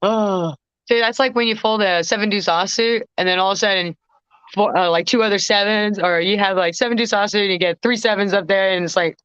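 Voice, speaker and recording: Animated woman telling a story. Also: medium pitch, fairly quick, clean tone, no room sound, dull audio. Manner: animated, swearing, self-interrupting. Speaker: guest vocalist. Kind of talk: casual podcast storytelling.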